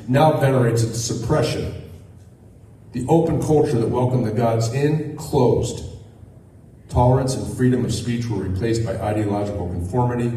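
A man's voice: on the low side, mellow, a little hiss or hum. A man delivering an earnest sermon to a church congregation, telling a story partway through. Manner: earnest preaching with a spoken anecdote. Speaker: guest preacher. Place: church sanctuary. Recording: echoey hall, miked from a distance.

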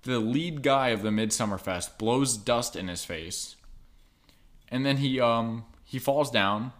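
Young male co-host, mid-pitched, rambly and foul-mouthed, heavy on likes and ums. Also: takes it slowly, a bit bright. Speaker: podcast co-host. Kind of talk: casual podcast chat.

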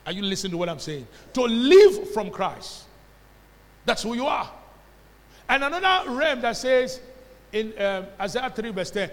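This pastor, a man with a Nigerian accent, speaks in a very high, very animated voice, unhurried and with long pauses. His sermon is emphatic call-and-response that draws answers from the congregation, recorded in a church hall with long reverb.

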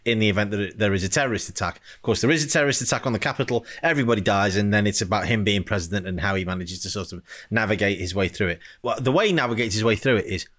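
A man's voice: fairly low pitch, rapid-fire, few pauses, fairly bright tone. A man co-hosting a podcast in casual chat, telling self-mocking stories. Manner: self-mocking, chatty storyteller. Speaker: podcast co-host. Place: home in Britain during a hailstorm.

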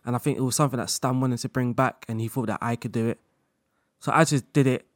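A man speaking as a guest in a casual interview chat, relaxed, laughing often and talking in loose run-on sentences full of fillers. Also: mid-range voice, fast talker, no room sound, clean studio sound. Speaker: guest content creator.

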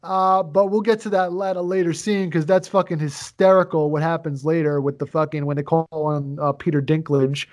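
A man's voice: fairly high pitch, fairly even intonation, a little fast, hardly any pauses, darkish tone. A man co-hosting a podcast, casually retelling a movie plot with constant swearing and rambling asides. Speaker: podcast co-host. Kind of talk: casual movie review chat.

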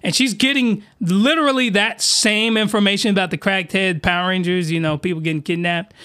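A young man hosting a podcast, rambling through a crude comedic recap and bursting into high shouts. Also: steady tone, fairly quick, few pauses, smooth, no echo, studio quality. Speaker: podcast host. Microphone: podcast mic, close.

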